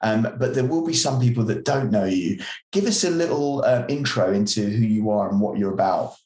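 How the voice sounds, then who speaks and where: A man's voice: fairly low pitch, expressive, brisk, a little mellow. A man hosting a podcast with eager, gushing enthusiasm. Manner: enthusiastic, heaps on praise. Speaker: podcast host. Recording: echoey room sound.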